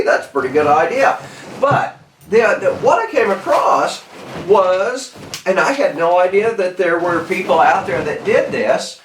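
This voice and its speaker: A man with a Southern accent giving a casual, rambling talk on self-improvement, in a folksy way with many restarts. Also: fairly high pitch. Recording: echoey room, mic at a distance.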